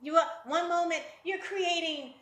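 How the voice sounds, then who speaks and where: A woman's voice: extremely high pitch, moderate pace, fairly bright tone, echoey room. A woman life coach giving a conversational motivational talk, addressing listeners directly and acting out quoted voices with big jumps.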